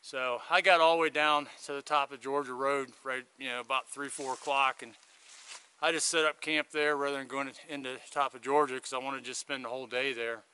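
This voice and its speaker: A man's voice: mid-range voice, steady tone, a little fast, sharp tone, clean tone. A man chatting to a handheld camera outdoors on a hiking trail, rambling through a long story in a casual vlog. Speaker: hiker vlogging his thru-hike. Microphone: handheld video camera.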